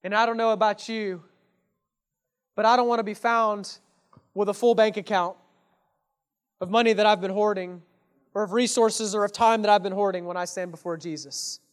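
A man's voice: sits high, steady tone, moderate pace, long pauses, clear, resonant tone. A man preaching an earnest sermon as a pastor, putting rhetorical questions to his congregation and addressing them casually and directly. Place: church.

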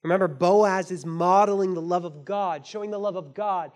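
A man's voice: sits high, fairly even intonation, normal speed, a little mellow. A man preaching a sermon, emphatic and rising in force for his key points. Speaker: pastor.

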